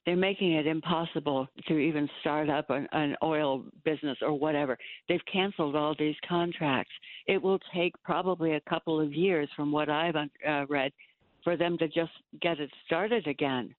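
A woman calling in to a talk radio show over a phone line that sounds thin and narrow. She speaks haltingly and fills her pauses. Her voice is dry, with no room sound. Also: low-pitched, fairly even intonation, no room sound. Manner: hesitant, halting, many fillers. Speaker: caller.

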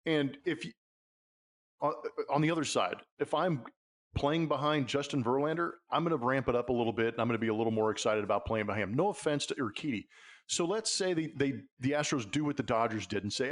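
A man co-hosts a sports podcast, talking in an easy, conversational way. His voice sits at an ordinary middle pitch. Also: lively intonation, fairly quick. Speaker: podcast co-host, former pro player. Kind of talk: casual sports talk.

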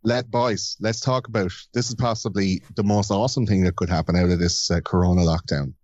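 A man's voice: deep voice, fairly even intonation, brisk, darkish tone, dry recording, highs cut off. A man hosting a podcast in a playful, crude, teasing casual chat. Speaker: podcast host.

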